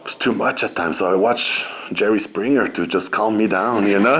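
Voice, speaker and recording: A middle-aged man speaking as a guest at a seminar, relaxed and conversational, often saying "you know" and laughing between points. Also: on the low side, moderate pace, few pauses. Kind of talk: informal spiritual talk.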